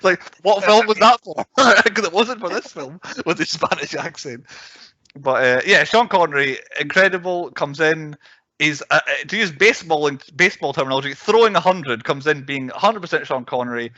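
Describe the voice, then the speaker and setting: A man hosting a casual film podcast, chatty and quick to laugh, leading the discussion. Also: a little high, animated, bright, forceful tone, no room sound. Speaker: podcast host. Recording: dull lo-fi podcast audio.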